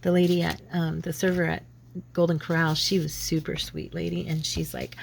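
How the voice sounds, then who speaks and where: A woman's voice: sits low, level tone, normal speed, creaky, a little hiss or hum. A woman with a lingering head cold, chatting casually and rambling as she works on a craft project. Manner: chatty, rambling, self-deprecating. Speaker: craft channel host.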